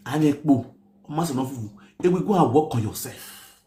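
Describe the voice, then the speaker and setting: A man with a Nigerian Pidgin accent ranting and mocking people on a live stream, often shouting. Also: mid-range voice, lively intonation, a little fast, roomy sound.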